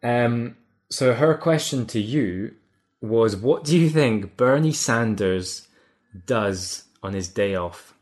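A man's voice: medium pitch, expressive, slow pace. A man hosting a casual podcast interview, often stumbling and repeating words as he starts a sentence. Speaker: podcast host.

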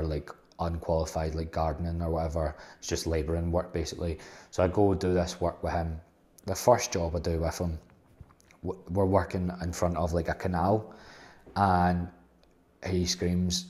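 Low flat-voiced young man. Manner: blunt, sweary and rambling. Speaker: host. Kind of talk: casual storytelling monologue.

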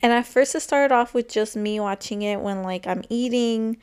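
A woman's voice: a little high, normal speed, smooth. A young woman hosting her own podcast, chatting casually and rambling with lots of filler words. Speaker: podcast host. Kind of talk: casual solo podcast chat.

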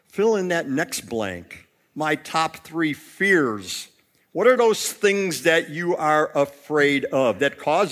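A male pastor preaching a sermon in an expressive way, with wide swings in pitch and loudness. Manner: acts out quotes in storytelling.

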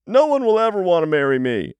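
A shrill, whining inner voice that jumps far above its speaker's usual range and sounds pinched and strange, as a man puts it on. It is a catastrophizing male voice of self-doubt, always expecting the worst. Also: sing-song, fast talker, darkish tone, smooth, dry recording. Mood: despairing. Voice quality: high, strained whine.

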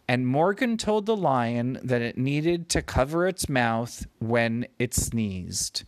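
A man spins an improvised bedtime story slowly and playfully, his voice rising and falling with plenty of movement. He wanders from one silly detail to the next. The sound is close and dry. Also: medium pitch, very animated, no room sound. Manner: meandering, gently playful.

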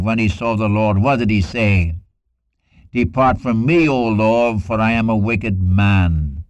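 A low-voiced man delivers an earnest sermon, repeating phrases and lifting his voice for scripture quotes. The recording is dull and lo-fi with a dry, close sound. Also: a little mellow, dry recording. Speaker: preacher.

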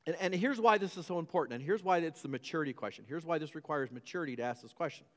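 Emphatic preacher in a reverberant hall. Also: male voice, on the high side, rapid-fire. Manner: emphatic, repetitive preaching with stumbles and restarts. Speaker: pastor. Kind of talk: sermon.

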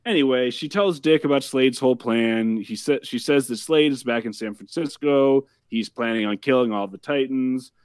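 A man hosting a casual podcast, recapping a TV episode in a wry, deadpan way. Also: mid-range voice, normal speed, few pauses, clear, resonant tone, dry recording, clean studio sound. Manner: wry, deadpan summarizing with profanity.

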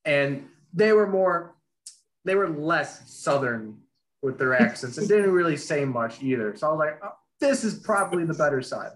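A man's voice: fairly high pitch, animated, moderate pace, fairly bright tone, poor audio. A man from Kansas, a podcast co-host and sports reporter, telling a rambling story in casual chat with many fillers.

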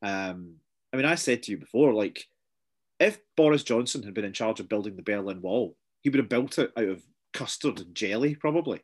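A man's voice: on the low side, animated, a little fast. A British man co-hosting a casual political chat, rambling and jokey. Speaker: podcast co-host.

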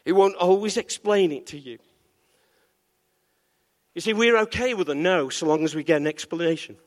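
A pastor delivers a lively sermon, teasing his congregation and asking them for amens. His voice sits high for a man. The sound carries the long reverb of a large church hall. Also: normal speed. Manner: animated, playful, call-and-response.

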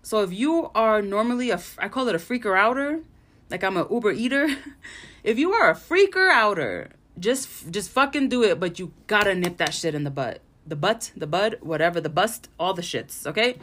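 A woman's voice: medium pitch, normal speed. A woman in her thirties talks alone into her podcast mic, casual and blunt. She swears freely and acts out her own past panic in bursts while telling stories. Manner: blunt, profane, animated storytelling. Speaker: podcast host. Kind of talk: casual solo podcast chat.

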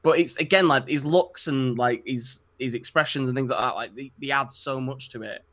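Animated young man, bright voice. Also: mid-range voice, moderate pace. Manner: animated, laughs often, rambling with many fillers. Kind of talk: casual film chat.

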